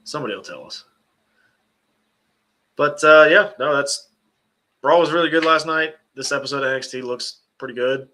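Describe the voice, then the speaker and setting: A man's voice: medium pitch, normal speed, long pauses, sharp tone. A young man co-hosting a wrestling podcast, talking in a loose, joking way that often trails off and restarts. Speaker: podcast co-host. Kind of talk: casual chat.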